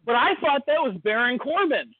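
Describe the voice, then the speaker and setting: A man's voice: very high-pitched, expressive, moderate pace, no echo. A man co-hosting a podcast in casual chat, telling a rambling story and acting out the voices of the people in it. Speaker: podcast co-host. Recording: tinny phone-like line, dry.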